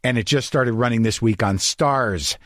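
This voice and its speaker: A man's voice: medium pitch, normal speed, no room sound, clean studio sound. A man hosting a podcast, talking candidly and reflectively, often restarting his sentences. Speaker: podcast host. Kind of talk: casual conversational monologue and interview.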